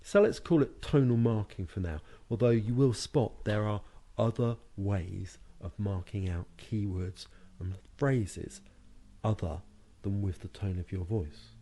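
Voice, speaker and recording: A British man narrating a lesson on hypnotic language patterns, speaking slowly and deliberately with hypnotic phrasing and words marked out by tone. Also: fairly low pitch, mellow. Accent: British English. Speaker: hypnotherapy and NLP trainer. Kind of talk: recorded lesson narration over slides.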